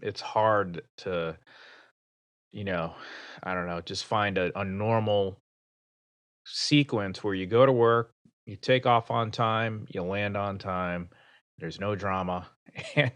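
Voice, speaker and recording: Slow-talking, low-voiced male pilot. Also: fairly even intonation, fairly bright tone, no echo. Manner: reflective, halting with restarts. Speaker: airline pilot. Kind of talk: casual podcast chat.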